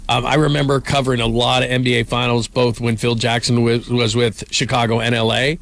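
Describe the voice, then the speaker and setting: A man's voice: mid-range voice, brisk, creaky, dry recording. A man, once a reporter at basketball finals, talking the game over in a casual sports chat and often repeating his first words. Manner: animated, repeats words as he starts sentences. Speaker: sports commentator.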